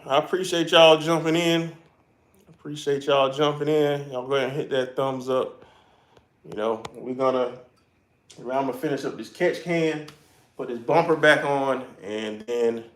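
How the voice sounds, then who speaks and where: A man's voice: mid-range voice, fairly even intonation, normal speed, pauses often. Laid-back South Carolina man in an echoey garage. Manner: laid-back, chuckling, folksy slang. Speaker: YouTuber hosting a garage livestream. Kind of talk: casual live-stream chat. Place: home garage.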